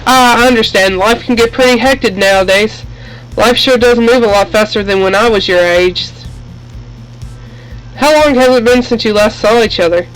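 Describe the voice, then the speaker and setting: A man reading the lines of a gentle, lonely elderly widow in a game, in his own plain voice without an old-lady voice. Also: high voice, moderate pace, poor audio.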